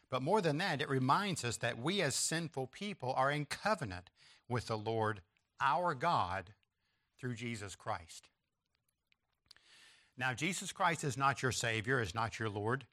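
A man's voice: mid-range voice, bright, forceful tone. A man preaching a sermon, stressing key phrases with emphatic repetition and pointing listeners to an outline. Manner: references an outline and slides to listeners.

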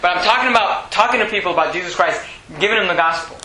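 A man's voice: high-pitched, fast talker, bright, forceful tone, a little hiss or hum. A man preaching a sermon as pastor, emphatic and repetitive, in a church sanctuary. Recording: echoey room.

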